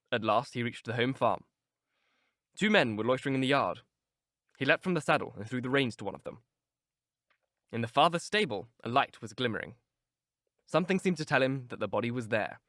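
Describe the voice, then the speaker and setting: A man reading a classic novel aloud in measured, expressive scripted narration on a close mic. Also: mid-range voice, no echo. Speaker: audiobook narrator.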